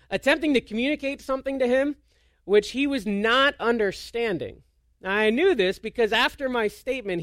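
A man with a fairly high voice delivers a relaxed, conversational sermon. He is an animated, self-deprecating storyteller who often stumbles and restarts mid-sentence. The sound is dry and close, with hardly any room echo. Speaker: pastor.

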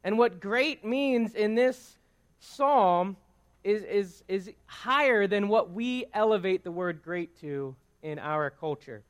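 A man with a notably high voice delivers a teaching sermon. He talks casually, stumbles over repeated words and keeps asking his listeners "right?" as he goes. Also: expressive, takes it slowly. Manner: conversational, stammering restarts, frequent "right?". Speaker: preacher.

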